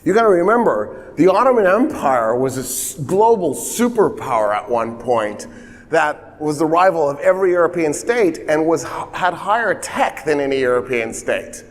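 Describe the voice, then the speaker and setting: A man tells history casually, with lively storytelling and quick voiced asides. His voice sits a bit high for a man. It rings out with a long reverb. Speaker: history explainer.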